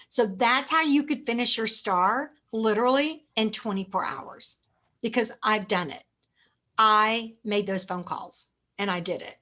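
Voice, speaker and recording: A middle-aged woman giving a chatty, self-mocking motivational sales training talk, acting out phone pitches. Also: a little slow, sharp tone.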